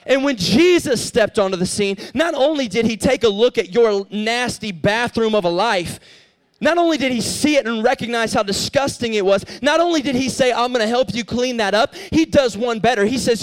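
At normal speed, a young man serving as youth pastor preaches in a high, light voice. His storytelling is animated, with his pitch climbing as he plays the characters, before he shifts into earnest preaching.

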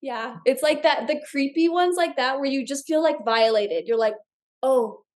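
Speaking as a podcast guest, a young woman tells her story casually in a slightly high voice at normal speed. She's animated and chatty, peppering her sentences with small filler words.

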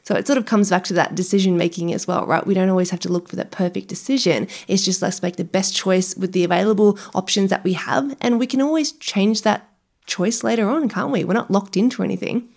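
This is a woman hosting a casual podcast interview. Her voice has a gravelly texture. She talks in a chatty, encouraging way and checks in with her guest through tag questions. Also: medium pitch, fairly quick, a little mellow. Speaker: podcast host.

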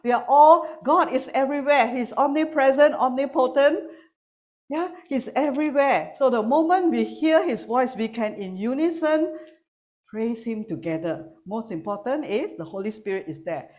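A woman preaching a sermon to a congregation, animated and teasing, swinging between loud calls and quiet asides. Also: high voice, moderate pace, lo-fi sound. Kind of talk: sermon with humor. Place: church hall with online congregation.

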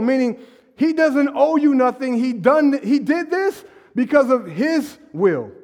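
A man preaching a sermon in a church hall, animated and conversational, with sudden shouted emphasis. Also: very high voice, unhurried. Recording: long hall reverb.

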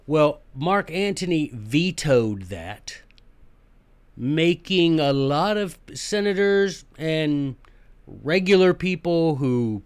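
A man's voice: a little high, smooth, no room sound. A man, hosting a history podcast in a casual, folksy, joking lecture style.

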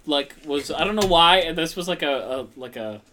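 Bright, higher-voiced man rambling. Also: expressive, slight background noise. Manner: rambling, halting storyteller. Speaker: podcast co-host. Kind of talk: casual chat.

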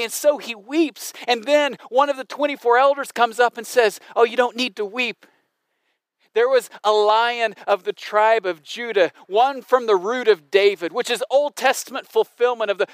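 A man's voice: very high voice, fairly bright tone, no room sound, studio quality. A man preaching a sermon in an emphatic, dramatic way, with frequent restarts. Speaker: pastor.

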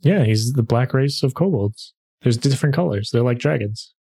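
A man's voice: mid-range voice, animated, normal speed, warm tone, breathy edge. A man hosting a podcast and narrating as game master, talking in an easygoing way with frequent filler sounds. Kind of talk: casual podcast chat and tabletop game narration.

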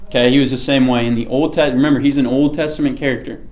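A man's voice: medium pitch, fairly even intonation, quick pace, a little mellow. A man giving a casual sermon to a small group, chatty and often checking in with the listeners. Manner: chatty, keeps checking in with "okay?".

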